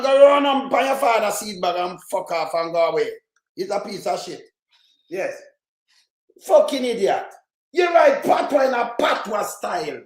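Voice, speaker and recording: A man with a Jamaican accent ranting in heated, crude, repetitive online commentary, shouting at times. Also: extremely high pitch. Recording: roomy echo.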